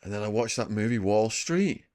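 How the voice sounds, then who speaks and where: A man in his fifties with a northern English accent and a somewhat low voice, spinning lively stories as a podcast guest. He tells his anecdotes loosely and often laughs at them himself. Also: moderate pace. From England. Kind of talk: casual storytelling interview.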